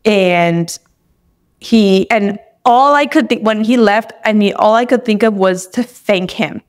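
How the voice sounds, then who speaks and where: A woman's voice: mid-range voice, unhurried, smooth. A young adult woman, a podcast guest, tells a personal story in casual conversation, chatty and full of restarts. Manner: chatty, with many restarts and acted-out inner thoughts.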